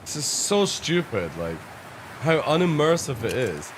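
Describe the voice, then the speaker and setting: A man streaming himself playing a game, swearing nonstop and laughing through his frustration. His voice sits fairly high and swoops widely from grumbling lows to loud outbursts. He mostly takes his time, drawling between bursts. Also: very animated, a little slow, slight background noise. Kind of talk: live gameplay commentary.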